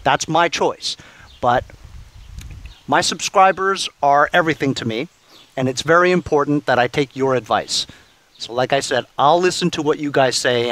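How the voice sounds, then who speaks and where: A man hosting his own repair vlog, chatting casually and thinking out loud as he works, with plenty of fillers and restarts. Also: fairly high pitch. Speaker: channel host. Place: garage workshop.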